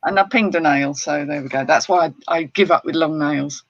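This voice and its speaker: A woman's voice: sits low, moderate pace. A woman chatting casually on a live stream, self-deprecating about her own habits. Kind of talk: casual chat. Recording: dull lo-fi call audio.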